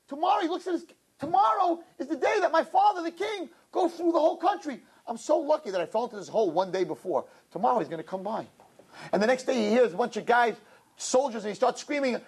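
A man giving a Jewish sermon and telling a parable, dramatic and swinging from low murmurs to high shouts. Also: very animated, a little fast, creaky, husky. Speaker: Jewish speaker.

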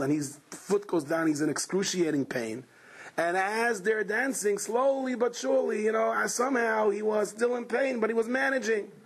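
Husky high-voiced preacher telling a story. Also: male voice. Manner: animated, rousing, Yiddish-laced. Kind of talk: storytelling sermon.

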